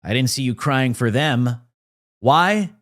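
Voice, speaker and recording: Male political commentator, combative and mocking, lively pitch swings. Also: takes it slowly. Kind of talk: scripted commentary.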